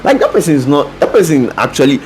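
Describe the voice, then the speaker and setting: A man's voice: on the high side, sing-song, fast talker, darkish tone, rough recording. A young man from Nigeria co-hosting a podcast, speaking casually with frequent restarts and fillers. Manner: hesitant, many restarts and fillers. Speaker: podcast co-host. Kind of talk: casual chat. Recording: faint background noise.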